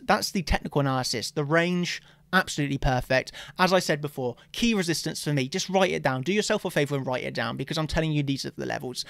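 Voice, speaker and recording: Casting note: man, fairly high voice, crypto chart vlogger, emphatic and repetitive, dry booth sound. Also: dry recording. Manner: emphatic, repetitive, defiant toward critics. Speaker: crypto trading channel host. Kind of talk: casual market analysis monologue.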